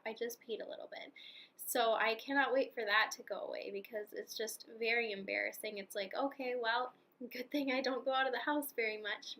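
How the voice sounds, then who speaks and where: Bright-toned chatty young pregnant woman. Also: fairly high pitch. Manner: chatty, rambling, frequent fillers and laughs. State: heavily pregnant. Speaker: vlogger. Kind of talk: casual pregnancy vlog chat.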